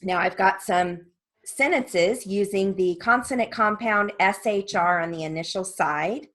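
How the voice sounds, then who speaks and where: A woman reading word lists and sentences as dictation practice, evenly and deliberately, with short spoken asides. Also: mid-range voice, fairly bright tone, low-quality recording. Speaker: dictation reader for steno practice.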